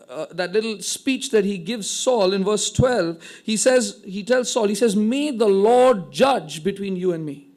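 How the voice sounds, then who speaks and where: A man's voice: high voice, a little mellow. A man preaching a sermon, retelling a scripture story with dramatic quoted dialogue. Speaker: pastor.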